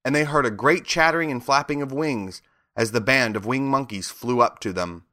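A man reading a children's storybook aloud with expressive narration. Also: medium pitch, normal speed. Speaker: reader.

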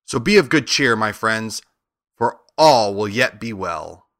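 A man's voice: on the low side, animated, unhurried, fairly bright tone, no room sound, studio quality. A man reading the lines of a boastful but cowardly male lion who blusters about what he will do.

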